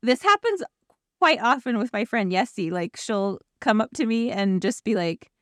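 A woman's voice: fairly high pitch, lively intonation, moderate pace, no echo, clean studio sound. A woman co-hosting a casual book discussion, laughing often and acting out quoted lines. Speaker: podcast co-host.

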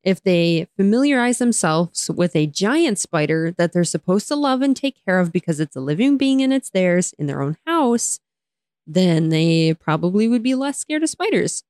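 A woman's voice: fairly low pitch, moderate pace, no echo, studio quality. A young woman co-hosting a podcast, chatting casually, laughing often and ranting with energy. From United States. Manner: animated, laughs often, rants. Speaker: podcast co-host. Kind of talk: casual chat.

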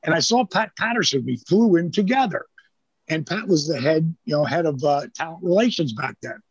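A man's voice: a little high, animated, a little fast, slightly rough, no echo, highs cut off. An older man telling rambling, profane anecdotes in casual chat, acting out the lines of the people in his stories. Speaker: storyteller guest.

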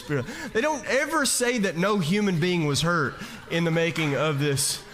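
A man's voice: high-pitched, lively intonation, a little fast, a bit bright. A man giving a conversational, jokey sermon as a pastor, asking the congregation questions and often restarting his phrases. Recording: reverberant hall.

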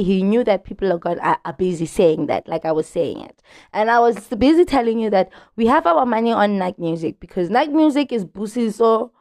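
A woman hosting a podcast, chatting casually about celebrity gossip in a slangy, chatty way and stretching words out for emphasis. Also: on the high side. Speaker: podcast host.

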